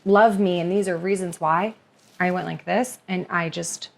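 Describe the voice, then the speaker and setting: A young woman chatting as a podcast guest, expressive and rambling, with a lot of "like" in her talk. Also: lowish voice, normal speed, creaky. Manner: expressive, rambling, heavy use of "like". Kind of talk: casual confessional chat.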